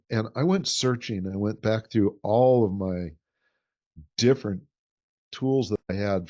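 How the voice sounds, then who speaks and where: A man's voice: deep voice, darkish tone. A man teaching a workshop in an earnest way, often repeating a word as he builds his sentences. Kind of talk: teaching talk. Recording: dull lo-fi recording.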